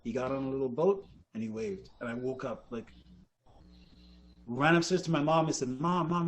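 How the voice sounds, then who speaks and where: A man telling ghost stories in a casual podcast chat, animated and acting out the people he quotes. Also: mid-range voice, normal speed. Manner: animated, acts out quotes, laughs often.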